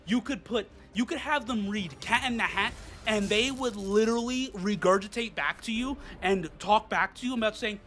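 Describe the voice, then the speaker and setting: A man's voice: high voice, normal speed, a bit bright, soft background music. A man reviewing games, ranting in a profane, exasperated way. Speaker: game reviewer. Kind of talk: ranting game commentary.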